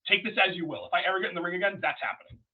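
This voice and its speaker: Brief: rapid, husky male storyteller, crude and rambling, on dull lo-fi audio. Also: high-pitched. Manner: profane, rambling, animated storyteller. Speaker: wrestler guest. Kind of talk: casual storytelling interview.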